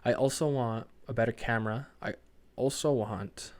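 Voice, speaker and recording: A man's voice: mid-range voice, normal speed, darkish tone. A tired young man hosting his own podcast, rambling in casual chat, swearing freely and apologizing for himself. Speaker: podcast host.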